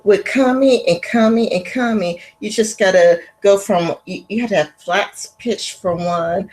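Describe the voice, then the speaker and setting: A woman's voice: medium pitch, measured pace, darkish tone, poor audio. A woman hosting a casual livestream interview, rambling with lots of fillers. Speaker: interview host.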